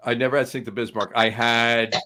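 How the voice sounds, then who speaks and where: A man's voice: medium pitch, fairly even intonation, fairly quick, over a noisy crowd. Easygoing male podcast co-host. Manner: easygoing, telling anecdotes with restarts. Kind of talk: casual podcast chat.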